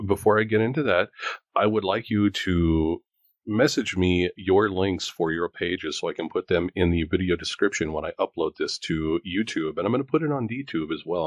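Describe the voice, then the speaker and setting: Hombre de voz muy grave y madura. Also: male voice, dry recording. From Idaho. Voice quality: deep, mature-sounding voice. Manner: relaxed storytelling, acts out quoted voices. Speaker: host. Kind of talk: casual interview chat.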